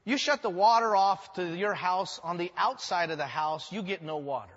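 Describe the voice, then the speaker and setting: A man's voice: high voice, normal speed, fairly bright tone. A male pastor preaching a sermon, telling stories animatedly with joking asides. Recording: echoey hall, dull sound.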